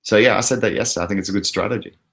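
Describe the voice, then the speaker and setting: A man's voice: lowish voice, racing, gravelly, a bit bright. An Australian man hosting a casual crypto livestream, chatting loosely and laughing often as he reads out viewer comments. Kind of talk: casual live chat reading comments.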